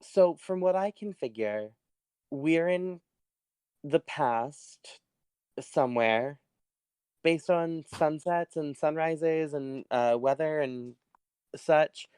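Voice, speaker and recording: A woman's voice: sits low, slow pace, pauses often, mellow, clean tone, no echo, pitched above the performer's own voice. A woman voicing a thin, short man who talks in a friendly, rambling, hesitant way.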